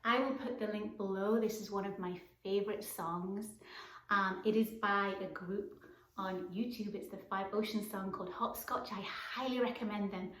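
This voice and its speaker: A woman teaching a children's circle time lesson in a gentle, encouraging way, sometimes dropping to a whisper. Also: medium pitch, fairly even intonation, moderate pace. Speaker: preschool teacher. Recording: roomy echoey room.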